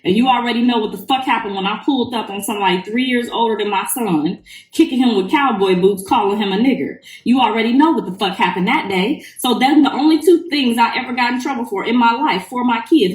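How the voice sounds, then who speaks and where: A woman's voice: on the high side, fairly quick, far from the mic. Blunt, profane woman ranting in an echoey bathroom. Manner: blunt, profane, heated storytelling. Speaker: livestreamer. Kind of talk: live-stream rant to followers. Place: bathroom, in the tub. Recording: echoey bathroom, away from the mic.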